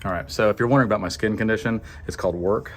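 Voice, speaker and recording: A man casually retelling a Bible story as a comedy bit, animated and full of joking asides to the listener. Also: fairly low pitch, very fast, a little hiss or hum.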